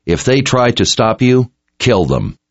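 A man's voice: mid-range voice, sing-song, a little slow, dry recording, lo-fi sound, pitched above the performer's own voice. A man voicing a grim, ruthless male warrior leader in a storybook reading, with hard, commanding orders. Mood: grim resolve.

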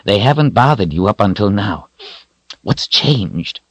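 A man doing a grumbling gruff wizard. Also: lowish voice, sing-song, measured pace, a bit bright, dry recording, pitched above the performer's own voice, exaggerated voice.

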